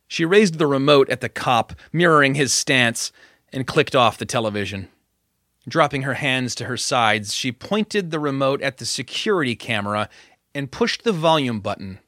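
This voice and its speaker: A man narrating an audiobook in a measured, dramatic way. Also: medium pitch, lively intonation, sharp tone, no echo, clean studio sound.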